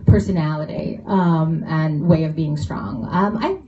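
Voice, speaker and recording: A woman's voice: low voice, a little slow. A woman author answering audience questions at a bookshop event, chatty and laughing, with many fillers. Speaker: author on a panel. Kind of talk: casual panel Q&A talk. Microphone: phone recording from the audience. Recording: dull lo-fi phone recording.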